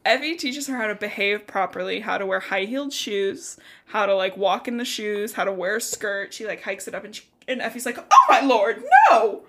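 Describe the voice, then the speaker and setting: A woman's voice: mid-range voice, fairly quick, a bit bright. A young woman co-hosting a podcast, recapping chapters in a casual, chatty way, peppered with "like" and the odd swear word. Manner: chatty, frequent "like", swears casually, acts out characters' lines. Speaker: podcast co-host. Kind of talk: casual book recap chat.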